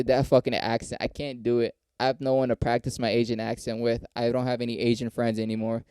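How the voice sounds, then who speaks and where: A young man hosting a podcast, a comedian rambling profanely about the comedy scene and acting out quotes in a higher voice. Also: fairly even intonation, a little fast, hardly any pauses, dark tone, clear, resonant tone, dry recording. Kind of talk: casual podcast monologue.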